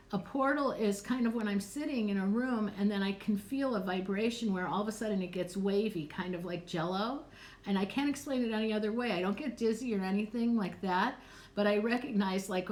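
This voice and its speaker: A woman's voice: medium pitch, a little mellow. A middle-aged woman psychic answering questions in a live stream, chatty and candid, swearing casually and laughing often. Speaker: psychic and clarity coach.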